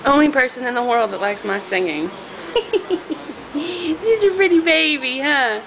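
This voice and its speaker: A woman's voice: high-pitched, animated, unhurried, creaky, crowd noise. A woman cooing in sing-song baby talk to her babies at bath time, filmed on a home camcorder. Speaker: mother filming her babies. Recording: noisy home camcorder audio.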